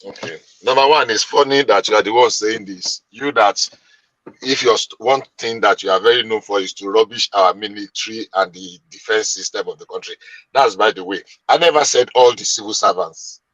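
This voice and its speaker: A man making his case in a heated debate, emphatic and long-winded. His voice is bright and forceful with a husky edge, sitting a little high. The sound is close and dry. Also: moderate pace, no room sound, muffled recording. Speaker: debate panelist.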